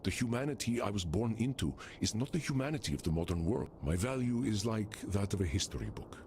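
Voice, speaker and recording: A man's voice: lowish voice, expressive, fast, background noise, natural voice. An actor playing an ancient, stiff and regal male vampire therapist who speaks in formal, solemn phrases in game dialogue. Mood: grave.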